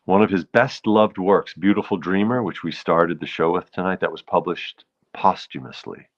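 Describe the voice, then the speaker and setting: Very deep-voiced New York man. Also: moderate pace, muffled recording. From the Bronx, New York. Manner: rambling, musing, greets viewers. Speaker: host. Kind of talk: casual live-stream chat.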